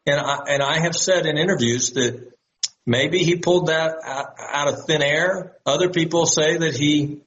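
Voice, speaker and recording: A male doctor speaking as a guest in an interview, in a steady, measured way. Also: on the high side. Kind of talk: interview talk. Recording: dull lo-fi line with faint hiss.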